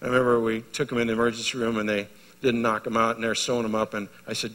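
A middle-aged male pastor preaching a sermon, telling stories and moving from loud exhortation to hushed intensity. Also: mid-range voice, level tone, fast talker. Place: large hall at a men's retreat. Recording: live sermon in a reverberant hall.

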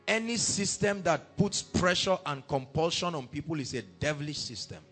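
A man preaching a sermon, breaking in with hallelujah and rising to loud, emphatic scripture reading. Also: on the high side, expressive, moderate pace, slightly rough. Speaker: pastor. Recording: faint music behind.

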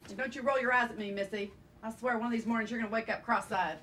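A woman's voice: a little high, steady tone, fast talker, a bit bright, slight background noise, lightly acted. An actress playing a bossy, theatrical middle-aged former beauty queen, scolding in a drawl. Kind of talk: TV comedy acting.

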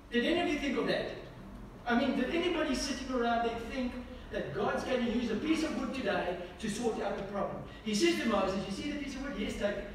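A man preaching a sermon, often asking the congregation questions and swinging between emphatic lines and hushed ones. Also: high-pitched. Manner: asks the congregation repeated questions. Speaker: pastor. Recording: echoey hall from far off, faint noise.

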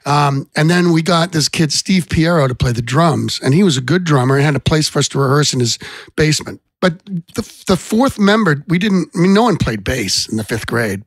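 A man's voice: on the high side, expressive, a little fast, breathy edge, no echo. A middle-aged man and songwriter telling rambling stories as a guest on a casual podcast. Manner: rambling anecdotes with restarts. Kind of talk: casual storytelling chat.

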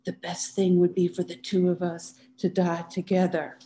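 A woman's voice: lowish voice, monotone, moderate pace, warm tone, slight background noise, close to an everyday voice. A woman reading the lines of a despairing, drunk young husband who speaks weakly and pleads. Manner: weak, whimpering, pleading.

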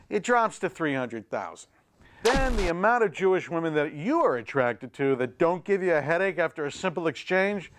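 Man, middle-aged comedy host, exasperated, self-mocking, high voice, lively swings in pitch. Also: clean tone. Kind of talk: stand-up comedy monologue.

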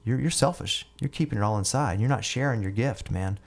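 A man's voice: mid-range voice, fairly quick, vocal fry. A man voicing a tipsy male friend at a bar who keeps pressing and scolding, repeating "man".

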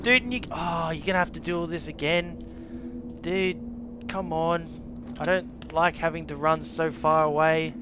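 A man with a slightly high voice talks through a horror game, cursing freely and fuming at every setback. A loud hiss of noise sits under his voice throughout the recording. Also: steady tone, a little slow, lo-fi sound. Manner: sweary, easily frustrated, yells when chased. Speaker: gaming video creator. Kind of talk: let's play commentary.

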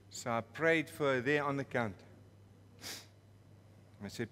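A man's voice: mid-range voice, measured pace, pauses often, a bit bright, long reverb tail. A man with a South African accent preaching a storytelling sermon in a church, playful and laughing at his own story.

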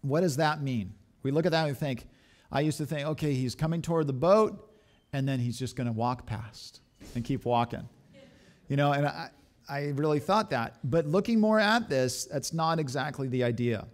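A man with a fairly high voice preaches a sermon at a moderate pace. He's an animated pastor who fills his message with rhetorical questions.

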